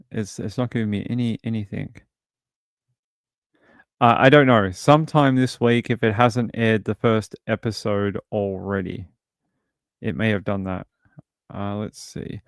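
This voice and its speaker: A man's voice: on the low side, no room sound, clean studio sound. A British man hosting a true crime livestream, talking casually and reading out chat messages. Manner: rambling, reads chat aloud. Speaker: streamer host.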